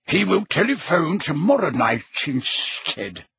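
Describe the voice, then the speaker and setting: A man reading an audiobook, voicing a small man in a talking painting who speaks slowly and commandingly. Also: on the high side, sing-song, vocal fry, a bit bright, breathy edge, heavily acted. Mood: officious. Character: officious little man in a talking portrait.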